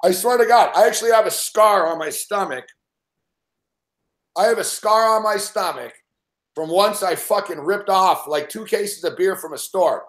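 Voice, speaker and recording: In casual conversation, a show host spins a rowdy tale at a moderate pace, his fairly high voice echoing as though he's in a roomy space. He's an animated, profane storyteller who curses freely and laughs between beats.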